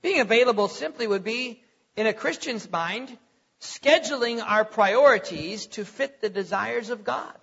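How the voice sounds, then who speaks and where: Middle-aged male preacher, bright and tense tone, conversational sermon with chuckles, echoing church hall. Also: high voice, lively intonation, measured pace, gravelly, slightly rough. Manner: conversational, repeats words, chuckles between points. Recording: lo-fi recording in a reverberant hall.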